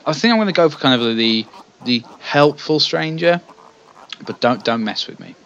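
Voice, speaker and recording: A man's voice: on the high side, lively intonation, moderate pace, gravelly, a bit bright, dull audio. A man commenting on a text-based game, reading passages aloud and making chatty, self-deprecating asides. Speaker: let's play host.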